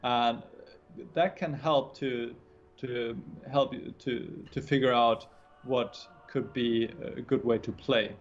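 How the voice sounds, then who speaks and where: A man's voice: mid-range voice, steady tone, slow. Man explaining chess over lo-fi audio. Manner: thoughtful, explains patiently with frequent restarts. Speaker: chess grandmaster guest. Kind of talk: casual livestream chat explaining chess.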